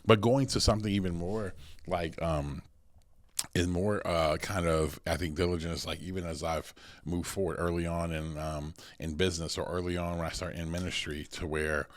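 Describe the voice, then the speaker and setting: An American man who is a pastor and podcast host, telling stories in an energetic, conversational way with many restarts. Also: low voice, moderate pace. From United States.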